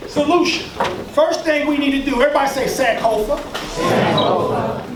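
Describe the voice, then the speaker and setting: Emphatic male speaker with a very high voice, preacher-like cadence, heard from far off in an echoey room. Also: quick pace, a loud crowd. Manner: emphatic, preacher-like, with call-and-response and mocking asides. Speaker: workshop leader and speaker. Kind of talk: lecture to a live audience.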